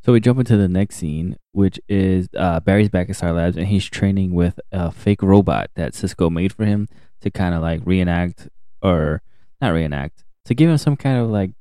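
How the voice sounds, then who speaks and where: Low-voiced young man, crude joking recap. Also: normal speed, warm tone, clean tone, no echo, clean studio sound. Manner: crude, joking, acts out characters' lines in mock voices. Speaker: podcast co-host recapping a TV show. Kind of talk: casual chat.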